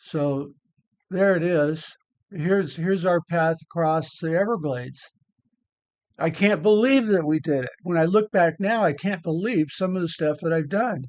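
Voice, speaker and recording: A man's voice: a little high, unhurried, a little mellow, no room sound. An older man rambling casually over photos of an old hike, blunt, with many repeated words. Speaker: vlogger.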